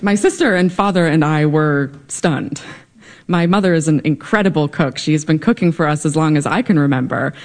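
A woman's voice: low voice, moderate pace. Wry young woman telling a story. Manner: wry, lively, comic timing. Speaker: storyteller at a live event. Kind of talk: live personal storytelling.

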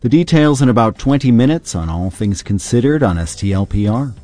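A man reading a brisk news promo as a radio announcer. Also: mid-range voice, lively intonation, music in the background.

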